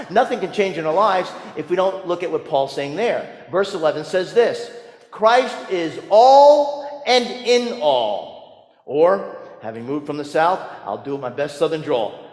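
Male pastor delivering a sermon, storyteller who drops quiet then hits hard; roomy church reverb. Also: on the high side. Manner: storytelling preacher, swings from hushed asides to emphatic lines.

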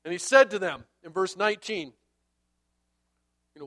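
A man preaching a sermon, telling a Bible story in an animated way and acting out the characters. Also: high voice, moderate pace. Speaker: pastor.

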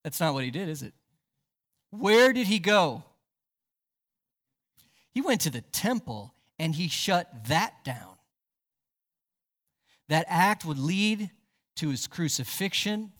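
Pastor guy preaching, kinda high bright voice, punchy, lots of rhetorical questions, big church echo. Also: sing-song, measured pace, pauses often. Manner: emphatic, asks the congregation rhetorical questions. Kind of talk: sermon. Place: church sanctuary.

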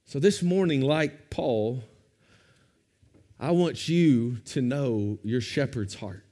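A man preaching a sermon as pastor, with expressive rises and drops for emphasis. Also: mid-range voice, slow.

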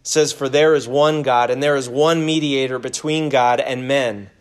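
A man's voice: medium pitch, steady tone, normal speed. A man preaching a sermon as pastor, earnest, reading scripture aloud and praying with his listeners. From United States. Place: church.

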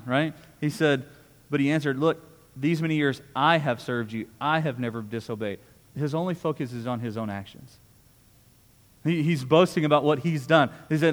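A man preaching a sermon in a conversational way, often repeating words and asking "right?". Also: on the high side. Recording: long hall reverb.

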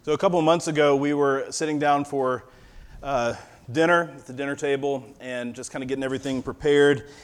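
A male pastor in his thirties reading scripture, then preaching in a relaxed storytelling way with a fatherly touch of humor. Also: mid-range voice, fairly quick, clean tone. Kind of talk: sermon.

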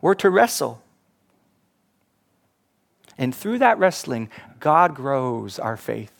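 A man preaching a sermon as pastor, animated, acting out quoted voices and laughing at himself. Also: medium pitch, slow, creaky.

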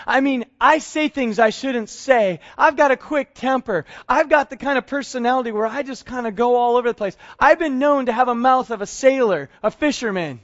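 A man's voice: high-pitched, normal speed, dull audio, natural voice. A pastor playing Peter the pleading fisherman. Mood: self-reproaching. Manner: earnest, pleading, self-reproaching. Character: remorseful fisherman Peter, adult man, blunt.

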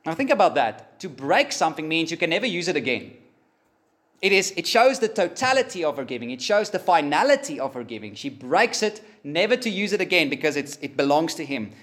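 A man preaching a sermon, emphatic and pausing, rising for emphasis. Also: a little high, sing-song, fairly bright tone. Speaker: pastor.

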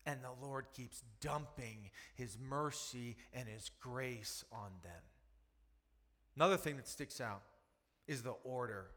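A man's voice: medium pitch, takes it slowly, fairly bright tone, long reverb tail. A man preaching a sermon with emphasis, repetition and rhetorical questions. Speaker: pastor.

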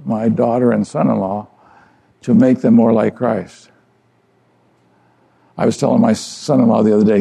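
Gravelly older male preacher. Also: mid-range voice, mellow. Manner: earnest, conversational preaching with repeated phrases. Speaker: pastor. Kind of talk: sermon.

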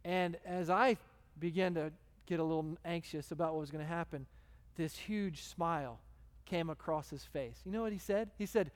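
Preacher telling a story. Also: male voice, fairly high pitch, normal speed. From Texas. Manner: conversational, animated storyteller. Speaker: guest preacher. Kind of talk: sermon storytelling. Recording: long hall reverb.

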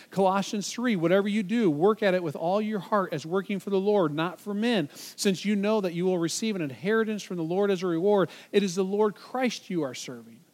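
A man preaching a sermon as pastor, emphatic, his voice rising sharply when he quotes scripture. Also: high-pitched. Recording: long hall reverb.

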